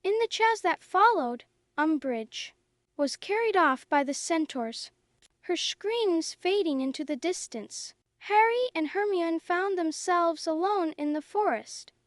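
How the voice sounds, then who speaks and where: A woman narrating a story in a slow, clear, even reading for English learners. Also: very high voice, no room sound, studio quality.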